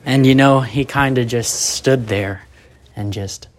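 A young man spins a made-up ghost story, his voice mid-pitched and hushed, with plenty of hesitations. Clear noise runs behind him in the room. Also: measured pace. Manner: hushed, mumbling, making up a story as he goes. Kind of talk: casual chat. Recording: noisy room.

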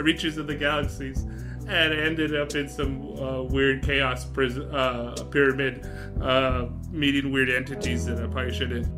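A man co-hosting a casual podcast chat, telling a story in a rambling, animated way, laughing often and swearing freely. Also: on the high side. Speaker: podcast co-host.

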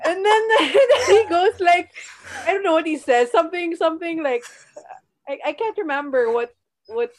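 A woman in casual chat, animated and teasing, laughing often as she recalls old movies. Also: extremely high pitch, moderate pace.

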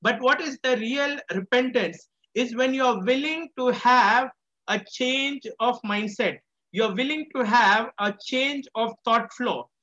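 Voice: medium pitch, pushed and bright, lo-fi sound. A preacher with a small child, delivering a sermon emphatically, repeating key phrases and asking rhetorical questions. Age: adult with a small child.

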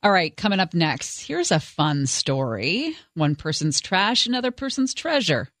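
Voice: medium pitch, very animated, measured pace, fairly bright tone, dry recording, clean studio sound. A talk radio co-host giving wry, exasperated commentary and reading show teasers. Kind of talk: casual talk radio banter. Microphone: studio microphone.

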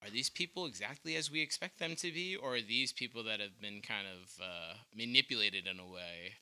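A man's voice: on the low side, brisk, pushed and bright, clean tone. A man co-hosting a podcast, chatting casually and rambling about a movie, laughing often. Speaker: podcast co-host. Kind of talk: casual film discussion.

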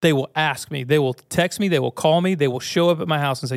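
A man's voice: on the high side, fast, few pauses, dry recording, studio quality. A man hosting a podcast, talking earnestly and casually with frequent restarts. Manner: earnest, conversational, many restarts. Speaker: podcast host. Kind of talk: motivational podcast monologue.

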